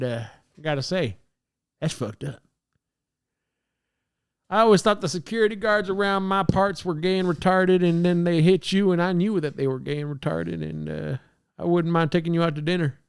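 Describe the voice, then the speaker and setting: A man voicing a cocky, flirty Southern-accented barfly with a smooth drawl, chuckling through smarmy pickup lines. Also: fairly high pitch, normal speed. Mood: smarmy flirting. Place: home apartment studio.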